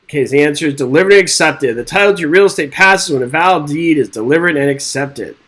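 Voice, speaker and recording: A man's voice: on the high side, lively intonation, quick pace, a bit bright, rough recording. A man teaching a live exam-prep webinar, reading quiz questions aloud and joking with the chat in an upbeat way. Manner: upbeat, jokey, reads quiz questions and chats with viewers. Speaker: real estate exam instructor.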